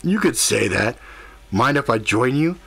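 A man's voice: medium pitch, expressive, unhurried, vocal fry, fairly bright tone, husky, no echo, full character voice. A man playing a cocky, crude demon. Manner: cocky and flirtatious. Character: brash, crude male demon, middle-aged.

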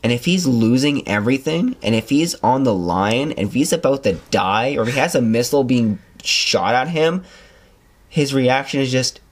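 A young podcast host talks at a moderate pace in a medium-pitched voice. Rambling and animated, he tells stories casually, his speech scattered with fillers.

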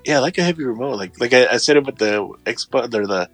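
A man's voice: medium pitch, animated, quick pace, faint music behind. A man talking casually about gaming gear, rambling, repeating himself and restarting often. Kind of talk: casual chat.

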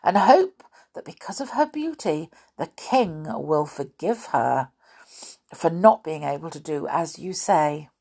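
A woman's voice: deep voice, lively intonation, a little slow, husky, exaggerated voice. A woman voicing a scolding middle-aged miller's wife. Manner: scolding, sharp.

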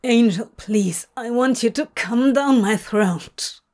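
A woman's voice: on the high side, takes it slowly, darkish tone. A woman voicing a lustful demon man who pleads in a breathless, eager way. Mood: begging.

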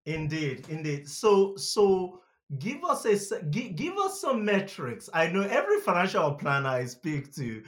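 A man hosts an interview with eager, chatty energy, often tripping over his own restarts. His voice sits a bit higher than most men's. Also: wildly swooping pitch, unhurried, a bit bright. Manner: enthusiastic, with stammered restarts and fillers. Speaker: podcast host and interviewer. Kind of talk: conversational interview hosting.

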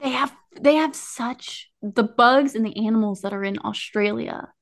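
A woman hosting a podcast interview, talking casually in an expressive, playful way. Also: fairly high pitch, normal speed. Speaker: podcast host.

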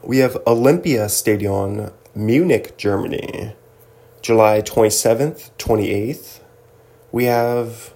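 Unhurried, with a mid-range, creaky, dark voice, a man hosts a casual solo podcast. He rambles and jokes while going through a list, occasionally putting on silly mock voices.

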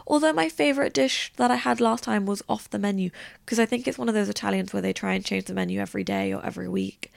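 Very creaky young woman chatting. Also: medium pitch, no echo. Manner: chatty, rambling, heavy use of "like". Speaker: podcast host. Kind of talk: casual storytelling chat.

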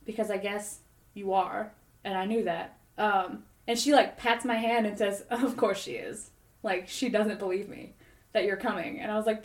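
A woman telling a long, animated story in casual podcast chat, rambling and full of "like". Her pitch sits in a middle range. The recording sounds roomy and echoey. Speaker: podcast co-host.

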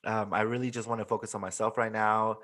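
A man's voice: lowish voice, flat delivery, fast, a bit bright. Laid-back man on a podcast mic. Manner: swearing, laughs often, mixes in Spanish. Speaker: podcast co-host. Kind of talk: casual podcast chat. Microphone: desk microphone, close.

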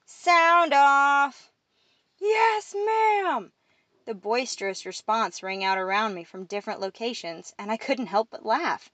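A woman narrating a first-person novel in a steady storytelling read. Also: medium pitch, moderate pace, few pauses, no echo. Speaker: audiobook narrator.

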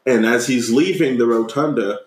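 A podcast co-host recaps a movie scene by scene in casual chat, swearing freely and acting out the characters' lines. His medium-pitched voice moves at normal speed, and the low-quality recording sounds roomy.

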